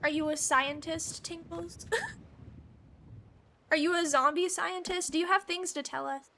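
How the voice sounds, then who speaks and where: A woman's voice: extremely high pitch, steady tone, unhurried, pushed and bright, a little hiss or hum. A woman streaming a game live, chatting casually with viewers in a rambling, giggly way.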